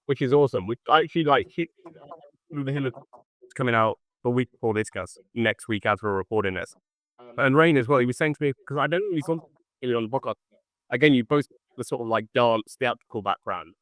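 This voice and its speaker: A man's voice: mid-range voice, fairly quick, no room sound. A man hosting a podcast, asking loose, rambling questions and often restarting his sentences. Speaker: podcast host. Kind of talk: casual chat.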